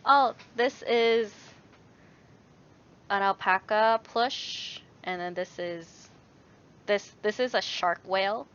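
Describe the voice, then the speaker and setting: A woman's voice: mid-range voice, a bit bright. A young woman answers viewer questions in a loose, casual vlog chat. She rambles, restarts her sentences and laughs easily. The recording sounds a little dull and lo-fi. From Canada. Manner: rambling, many fillers and restarts, laughs often.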